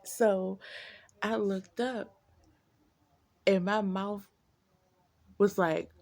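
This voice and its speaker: A woman telling a casual storytime vlog to her viewers, profane and animated, talking to them as y'all. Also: mid-range voice, very slow, gravelly.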